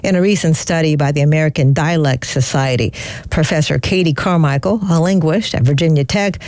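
A woman's voice: low-pitched, a little fast, darkish tone, dry recording. Woman host reading radio news. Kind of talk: scripted news narration.

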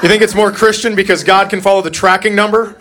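A middle-aged man on a comedy stage with a slightly high voice, working up into loud, exasperated rants. He talks into a handheld mic. Loud noise runs under the live recording. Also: level tone, quick pace. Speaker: stand-up comedian. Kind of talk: stand-up set. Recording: very noisy live club recording.

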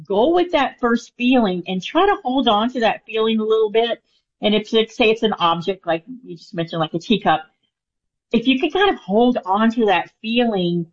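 A woman answering questions as a guest in an interview, speaking in an earnest, chatty way with many fillers. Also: mid-range voice. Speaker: guest medium. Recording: dull lo-fi sound.

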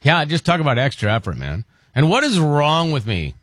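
A man hosting a morning radio show, telling a story with animated, teasing banter. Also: a little high, normal speed, dry recording, clean studio sound.

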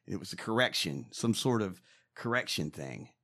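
A man co-hosting a casual podcast, ranting and swearing in animated bursts. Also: low-pitched, normal speed, gravelly. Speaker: co-host.

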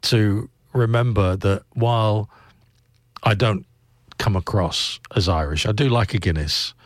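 A man's voice: on the low side, unhurried, no echo, studio quality. A man with an English accent hosting a breakfast radio show, chatting casually in a rambling, self-deprecating way with lots of restarts. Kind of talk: casual morning radio chat.

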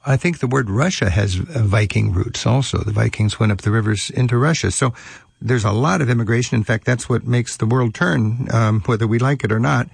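A man hosting a radio travel show, interviewing a guest in an eager, halting way with many fillers. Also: medium pitch, gravelly, slightly rough, no echo.

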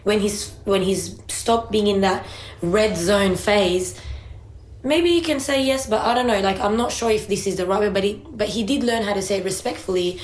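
A woman's voice: medium pitch, moderate pace. A woman in casual podcast chat, telling a parenting story at length and second-guessing herself as she goes. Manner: chatty, self-questioning storyteller. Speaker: parent sharing experience. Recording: roomy echo.

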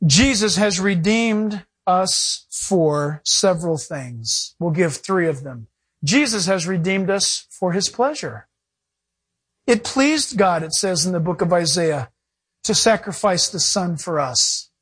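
A male pastor delivers a sermon with a slightly husky edge. His pitch rises and falls widely, and he acts out little scenes of dialogue as he preaches. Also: takes it slowly. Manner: animated preaching with acted-out dialogue and laughter.

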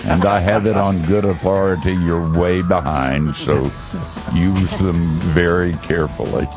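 A man hosting a talk show, thanking his guest with a slow joking manner. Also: low voice, music in the background.

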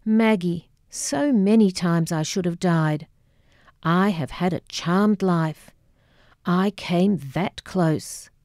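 A woman's voice: fairly low pitch, takes it slowly, darkish tone, no room sound, clean studio sound. A woman voicing an ailing elderly father with a Polish-Scottish accent, curt and dismissive of worry. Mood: wistful. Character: ailing elderly immigrant father, evasive, deflecting.

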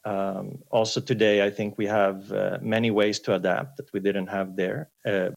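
Male professor guest, gravelly low voice, hesitant with fillers, breaking-up remote line. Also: level tone, moderate pace, muffled recording. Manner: hesitant, many fillers, quiet. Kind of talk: interview answers over a remote line.

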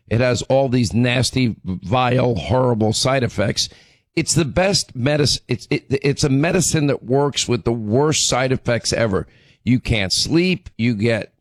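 Hoarse, emphatic middle-aged radio host. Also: male voice, mid-range voice, dry recording. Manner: emphatic, repeats words as he restarts. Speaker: radio talk show host. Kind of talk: talk radio monologue.

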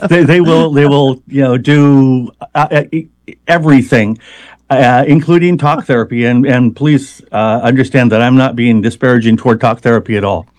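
A man's voice: mid-range voice, normal speed, a little mellow, dry recording. A man being interviewed as a hypnotist, explaining at length in a conversational way with many fillers and restarts.

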